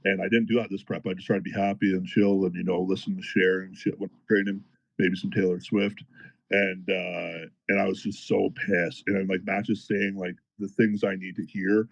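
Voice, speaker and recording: Low-voiced profane powerlifter telling a story. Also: male voice, normal speed, gravelly, dull audio. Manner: animated, profane, fired-up retelling. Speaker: powerlifter guest. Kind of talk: casual podcast storytelling.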